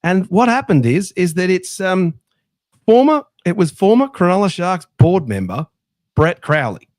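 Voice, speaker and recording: An Australian man hosting a casual sports podcast, telling an animated anecdote in a chatty way. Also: high voice, a little slow, no echo, clean studio sound. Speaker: podcast host.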